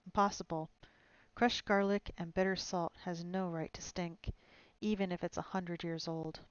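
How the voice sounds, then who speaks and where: A woman doing a gruff boastful dwarf. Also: lowish voice, flat delivery, normal speed, dry recording, lo-fi sound, lightly acted. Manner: blunt, matter-of-fact.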